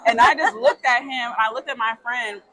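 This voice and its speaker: A young adult woman co-hosting a casual chat, telling a lively story, swearing freely and acting out the people she quotes. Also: a little high, normal speed, rough recording. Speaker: podcast co-host.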